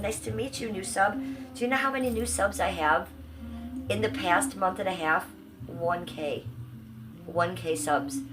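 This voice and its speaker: A woman hosting a casual livestream from home on a phone microphone, chatting with viewers and her pets. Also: on the low side. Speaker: livestream host. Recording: roomy, distant phone audio, faint noise.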